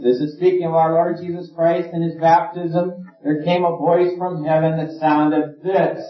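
A man's voice: a little high, little pitch movement, unhurried, few pauses. Earnest preacher man, distant roomy sound. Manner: earnest, rising and falling emphasis. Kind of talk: sermon. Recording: roomy, distant, dull lo-fi sound with faint music.

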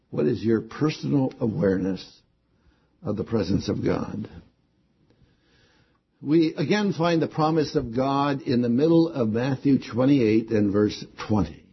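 A man's voice: mid-range voice, breathy edge, dull audio. A man preaching a sermon, stressing key words again and again with rising emphasis.

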